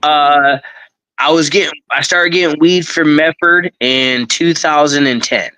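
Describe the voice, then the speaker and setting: A man co-hosting a laid-back podcast, talking big and swearing freely, with "bro" tacked onto almost everything. His voice is bright and tense, sitting a bit high, and the recording is dry and close. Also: a little slow, clear, resonant tone, dry recording, rough recording. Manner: boastful, profane, says bro often. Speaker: podcast co-host. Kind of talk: casual chat.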